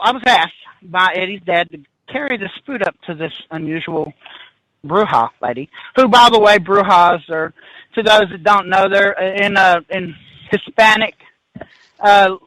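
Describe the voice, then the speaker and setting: A man in his fifties, a podcast guest, telling a spooky story in an animated, excitable way, restarting sentences and laughing as he goes. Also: high-pitched, moderate pace, no echo, poor audio. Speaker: guest paranormal investigator.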